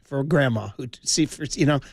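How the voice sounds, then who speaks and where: A man's voice: mid-range voice, fairly quick, gravelly, slightly rough, no room sound, clean studio sound. A man in his forties hosting sports talk radio, telling heartfelt fan stories with passion and saying "dude" a lot.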